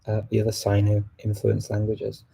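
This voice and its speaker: A man's voice: fairly low pitch, monotone, moderate pace, creaky, warm tone, slightly rough. A man hosting a casual live stream, answering viewer questions with many fillers and restarts. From England. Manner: hesitant, many fillers and restarts while switching languages.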